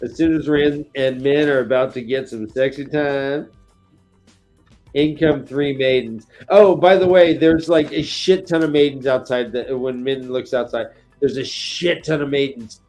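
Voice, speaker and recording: Animated man recapping a book. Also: mid-range voice, measured pace, soft background music. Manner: animated, acts out scenes with sound effects. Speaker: podcast co-host. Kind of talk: casual book-discussion chat.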